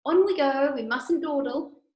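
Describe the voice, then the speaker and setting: A woman voicing an eccentric, impatient male chocolate maker, quick and bossy. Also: sits high, a little mellow, reverberant, pitched above the performer's own voice. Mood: brisk.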